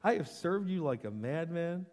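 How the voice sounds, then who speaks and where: A man voicing a blunt, exasperated prophet whose complaint rises to a shout. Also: fairly high pitch, expressive, normal speed. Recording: long hall reverb.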